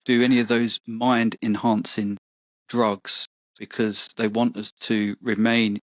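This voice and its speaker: A man's voice: lowish voice, level tone, slow pace, no room sound. Earnest man making his case, dry sound. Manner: earnest and persuasive, with stumbles and repeated words. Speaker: podcast guest and campaigner. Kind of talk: casual podcast conversation.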